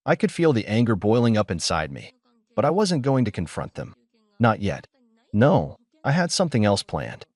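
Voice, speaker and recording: A man narrating a first-person story in a steady, measured way. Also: on the low side, no echo.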